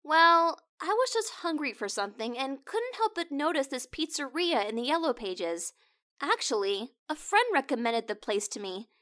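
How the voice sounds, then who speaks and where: A woman playing a caller in a comedy prank-call skit, bubbly and quick to get indignant. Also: sits high, big pitch swings, a bit bright. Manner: bubbly, then huffy and indignant.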